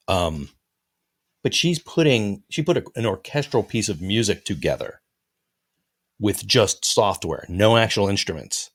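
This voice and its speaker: A tired middle-aged man hosting a podcast, chatting in a rambling, easygoing way. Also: sits low. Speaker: podcast host. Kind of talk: casual chat.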